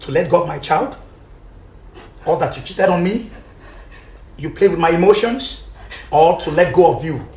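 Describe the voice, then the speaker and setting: A man's voice: a little high, expressive, normal speed, long pauses, echoey room. A man playing a furious betrayed husband. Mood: bitter. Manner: shouting, raging, then bitterly quiet. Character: betrayed furious husband, middle-aged father. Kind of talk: dramatized talk-show confrontation.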